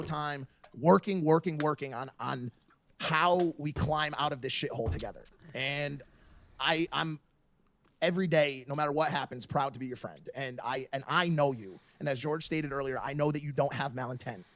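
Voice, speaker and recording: A man's voice: a little high, normal speed, a bit bright. A man speaking earnestly to a friend on stream, rambling and stumbling, with the odd swear word. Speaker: guest friend. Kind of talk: heartfelt on-stream speech.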